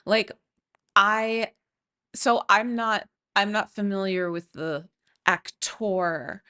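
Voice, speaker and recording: A woman's voice: medium pitch, slow, smooth. A woman guest in a casual podcast chat who talks animatedly, laughs often and acts out the people she describes. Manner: animated, giggly, acts out quotes.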